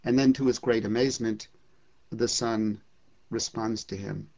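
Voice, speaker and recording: A literature lecturer speaks slowly and deliberately, pausing with small hesitations between thoughts. The tone is measured, mid-pitched and explanatory. The recording has a dull, lo-fi sound. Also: fairly even intonation, mellow. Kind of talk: lecture with poetry reading.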